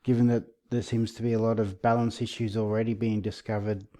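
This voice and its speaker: A man hosting his own channel, talking through game rules in a relaxed, slightly sarcastic way. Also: lowish voice, fairly quick. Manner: relaxed, self-aware, a bit sarcastic. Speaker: channel host. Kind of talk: casual commentary video.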